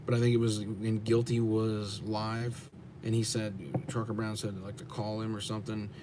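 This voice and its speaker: With a low voice and completely flat delivery at moderate speed, this American man, a trucker on a livestream, fires back at his chat in a blunt, cursing rant. He repeats the questions to drive them home, and background noise is present.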